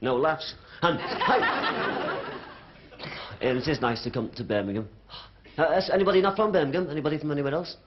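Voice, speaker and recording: Cheeky Liverpool stand-up comic. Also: male voice, on the high side, big pitch swings, normal speed, long pauses, crowd noise. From Liverpool, England. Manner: cheeky, chatty, bantering with the audience. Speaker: stand-up comedian. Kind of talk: stand-up comedy routine. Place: theatre stage before a live audience. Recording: dull 1970s TV broadcast audio, loud audience laughter.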